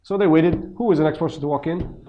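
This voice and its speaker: A man's voice: fairly high pitch, fast talker, muffled recording. A man teaching a seminar audience in a mosque. He speaks conversationally, asks frequent rhetorical questions and acts out quoted speech. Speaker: religious teacher. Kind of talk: lecture commentary to a seminar audience.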